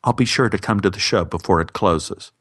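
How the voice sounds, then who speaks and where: Storyteller doing a sweet old-school salesman, low voice, easy persuasive talk. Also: fairly quick, husky, no room sound, studio quality. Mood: reassuring. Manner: gently persuasive. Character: kindly philosophical male clothing salesman.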